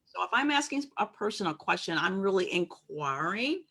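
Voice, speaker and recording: A woman's voice: medium pitch, sing-song, normal speed, creaky, a bit bright, husky. A woman co-hosting a casual discussion, reflective and emphatic, making her points carefully. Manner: reflective, emphatic, acts out quoted remarks. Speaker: co-host.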